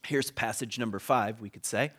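A man's voice: mid-range voice, moderate pace, breathy edge. A man giving a conversational sermon, telling a story with humor and briefly acting out the characters' lines. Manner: animated storytelling, acting out quoted voices with humor. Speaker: preacher.

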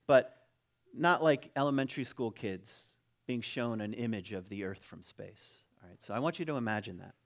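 A man preaching a conversational sermon, reading a passage aloud and breaking off into jokes and asides. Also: mid-range voice. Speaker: pastor.

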